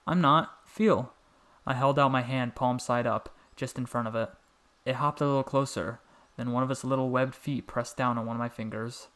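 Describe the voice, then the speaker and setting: A young adult man narrating a scripted story in a calm, measured, softly spoken way. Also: medium pitch, clear, resonant tone.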